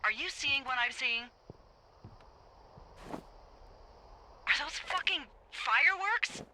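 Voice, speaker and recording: Delilah, wry lookout boss over radio. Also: female voice, on the low side, expressive, moderate pace, pushed and bright, slight background noise, rough recording. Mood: alarmed bossy. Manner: playful, sarcastic, swears freely. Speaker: fire lookout supervisor. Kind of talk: video game dialogue.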